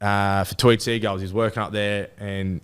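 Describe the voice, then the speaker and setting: A man's voice: on the low side, level tone, normal speed, a bit bright, smooth. A young Australian man in his twenties, a footballer telling stories in a rambling, casual interview with lots of restarts. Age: 20s. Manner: rambling storytelling with many restarts and fillers. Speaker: rugby league player guest.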